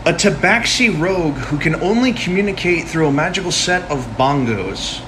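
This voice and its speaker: A man with a slightly high voice that swings widely as he runs through a comic list of character ideas. He laughs often between items. The delivery stays playful and amused throughout. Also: lively intonation, normal speed, few pauses, heavy background noise. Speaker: comedy skit creator.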